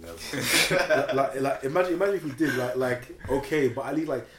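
Young London man, casual co-host, rambling slangy storyteller, mid pitch. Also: normal speed, a bit bright. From England. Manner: slangy storytelling with many fillers. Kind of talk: casual chat. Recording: echoey room with faint background noise.

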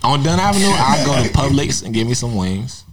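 A man's voice: medium pitch, sing-song, a little fast, over a noisy crowd. A man co-hosting a podcast in casual chat, laid-back and chiming in with short agreements. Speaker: podcast co-host.

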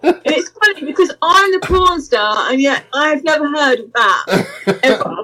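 A woman's voice: sits high, measured pace, slight background noise, low-quality recording. A woman, a guest in an interview, telling a story candidly and acting out the voices of the people in it. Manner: animated, acts out quoted voices, laughs through the story.

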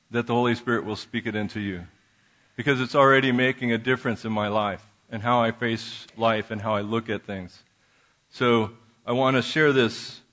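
Halting, conversational male minister preaching. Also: medium pitch. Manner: conversational, halting with restarts, drops to a soft voice in prayer. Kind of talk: sermon. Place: church sanctuary.

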